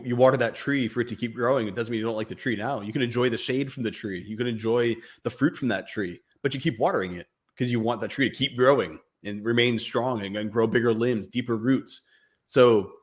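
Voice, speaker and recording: A man co-hosting a casual podcast, reflecting in an animated way on contentment and growth and laughing easily. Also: fairly low pitch. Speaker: podcast co-host. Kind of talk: casual chat.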